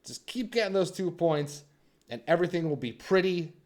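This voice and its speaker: A young man hosting a hockey channel, giving casual sports commentary and teasing his viewers, swinging between loud hype and quiet asides. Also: a little high, lively intonation, moderate pace.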